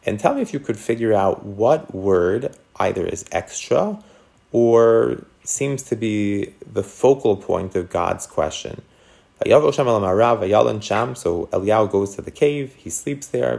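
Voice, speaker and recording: Man, low voice, gravelly, teaching a Bible class, questioning students. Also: a little mellow. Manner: questions the class, thinks aloud. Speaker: Torah teacher. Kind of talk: interactive text class.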